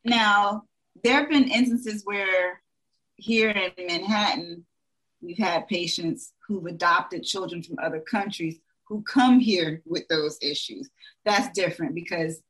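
A woman's voice: on the low side, unhurried, fairly bright tone, rough recording. A young adult woman, a dentist, talking frankly in a casual podcast chat, full of "like" and "you know".

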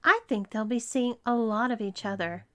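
A woman's voice: fairly high pitch, moderate pace, natural voice. A woman voicing a smug, domineering young woman with a cool, mocking politeness.

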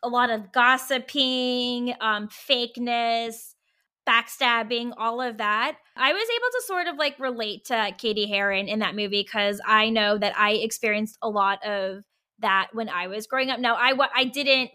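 A woman's voice: on the high side, normal speed, pushed and bright, clear, resonant tone. A woman hosting a podcast, chatting candidly and frankly, with lots of "like" fillers. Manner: candid, frank, heavy use of "like". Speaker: podcast host. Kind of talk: casual interview chat.

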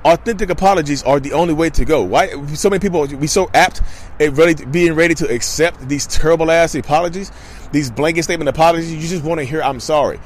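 A man in his thirties hosting a podcast, talking in a casual, animated monologue and mimicking people in quick asides. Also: fairly high pitch, a little hiss or hum. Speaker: podcast host.

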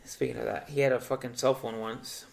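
A young man co-hosting a podcast, telling a loose, profane story and acting out the people in it with big jumps in pitch. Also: flat delivery, brisk, creaky, slight background noise. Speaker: podcast co-host. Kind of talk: casual storytelling chat.

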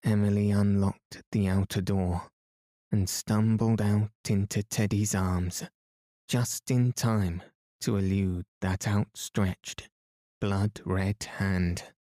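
A man reading a story aloud to help listeners fall asleep, in a calm and soothing way. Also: lowish voice, no echo, clean studio sound. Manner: slow, soothing, even. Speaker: sleep story narrator.

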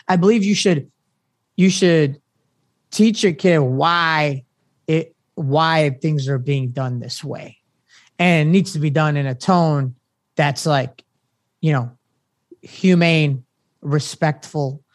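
A man talking as a podcast guest in a halting, rambling way, full of fillers and restarts. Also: on the high side, no room sound, studio quality. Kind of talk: casual chat.

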